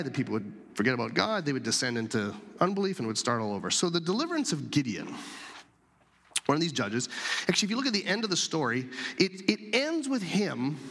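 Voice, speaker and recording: A man gives a sermon in a relaxed, chatty manner, breaking into quoted voices as he tells the story. His voice sits a little high for a man. A long reverb trails off behind him, the sound of a large church hall. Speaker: pastor.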